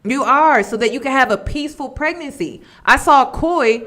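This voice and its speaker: A woman's voice: sits high, lively intonation, moderate pace, hardly any pauses, a bit bright. A woman vlogger giving casual commentary, candid and emphatic, repeating her points.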